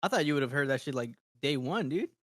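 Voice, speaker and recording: A man's voice: a little high, lively intonation, quick pace, no echo, studio quality. A man co-hosting a podcast, joking around and swearing casually. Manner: joking, profane, laughs between words. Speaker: podcast co-host.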